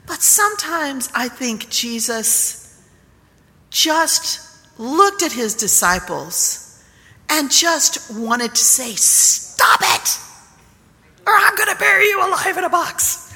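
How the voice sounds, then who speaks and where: A woman's voice: fairly high pitch, pushed and bright, long reverb tail. A woman preacher giving an emphatic, storytelling sermon.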